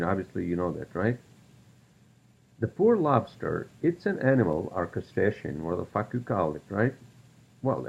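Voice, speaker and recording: Gravelly profane man ranting on a podcast. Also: low-pitched. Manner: profane, ranting, many fillers. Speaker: podcast host. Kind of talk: solo podcast rant. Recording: dull lo-fi recording.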